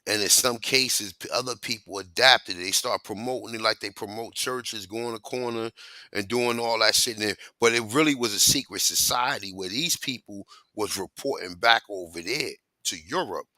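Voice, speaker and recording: A man hosting a casual podcast chat, telling animated, slangy, profane stories. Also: lowish voice, moderate pace, no echo.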